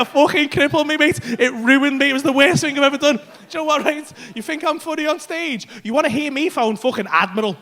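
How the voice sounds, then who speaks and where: Male comic, high voice, brash sweary storyteller, live club set. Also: a bit bright. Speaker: stand-up comedian. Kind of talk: stand-up comedy set. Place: comedy club stage.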